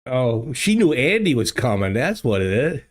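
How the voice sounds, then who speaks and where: Here an older man runs a relaxed home-studio livestream, chatting with people in the live chat and rambling through lots of fillers and false starts. His medium-pitched voice has a sing-song quality at a normal speed, picked up by a desk mic.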